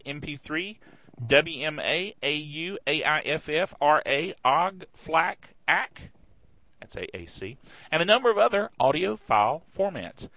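A man's voice: medium pitch, sharp tone, no room sound. A middle-aged man hosting a casual tech show, enthusiastic and jokey, with playful asides. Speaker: tech podcast host. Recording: slightly dull, dry lo-fi recording.

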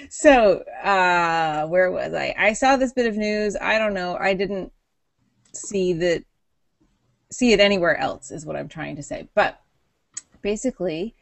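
A woman's voice: fairly low pitch, a little slow, vocal fry, no room sound. A middle-aged woman co-hosting a casual tech podcast, chatty and giggly, often breaking off mid-sentence. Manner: giggly, chatty, self-interrupting. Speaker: podcast co-host.

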